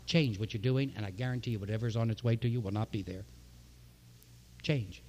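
A man's voice: lowish voice, a little fast, warm tone, slight background noise. A man preaching a sermon from the pulpit, impassioned, with repeated phrases and rising emphasis. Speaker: pastor.

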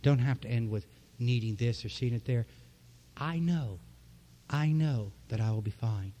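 Guy preaching a sermon, mellow warm voice, gets fired up and repeats himself. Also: mid-range voice, a little slow. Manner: impassioned, preaching with rising emphasis and repetition. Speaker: pastor.

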